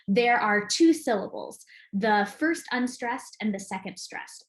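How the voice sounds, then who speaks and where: A woman giving an enthusiastic, clear recorded lesson as an acting teacher. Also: on the high side, reverberant.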